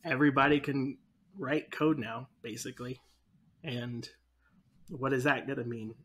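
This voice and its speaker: Husky-voiced earnest male co-host. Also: mid-range voice, fairly even intonation, a little slow, fairly bright tone. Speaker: podcast co-host. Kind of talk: casual chat.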